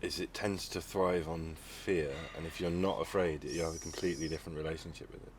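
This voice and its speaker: A man's voice: a bass voice, fairly even intonation, fairly quick, background noise. A man hosting a podcast, talking in a rambling casual way with many restarts. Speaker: podcast host. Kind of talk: casual conversation.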